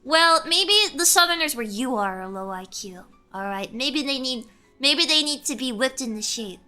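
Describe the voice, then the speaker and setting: Squeaky high-voiced woman streamer. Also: animated, moderate pace, bright, forceful tone, faint music behind. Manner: rambling, giggly, corrects herself often. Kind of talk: casual storytelling chat.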